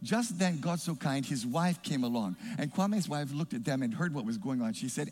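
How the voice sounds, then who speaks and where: A man preaching a sermon in a church, emphatic and rising to shouts as he calls for responses. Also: medium pitch, expressive, normal speed, few pauses, big-room sound.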